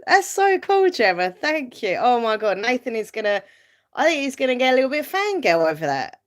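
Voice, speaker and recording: A woman's voice: a little high, big pitch swings, brisk. A woman casually chatting on a live stream, reading viewer comments aloud and answering them, rambling with fillers and light laughs. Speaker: YouTuber hosting a live stream.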